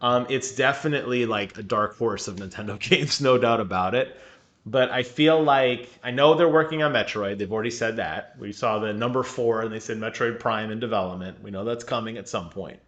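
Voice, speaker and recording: Bright-voiced man hosting a podcast. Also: mid-range voice, fairly quick. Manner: animated, laughs often, asks questions. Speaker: podcast co-host. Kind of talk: casual chat. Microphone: remote call mic.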